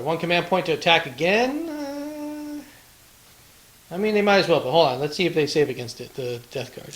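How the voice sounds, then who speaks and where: A man's voice: a little high, slight background noise, low-quality recording. Chatty man calling tabletop dice rolls. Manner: chatty, counts dice aloud, playful taunts. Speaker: wargame battle report host. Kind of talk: casual play-by-play of a tabletop game.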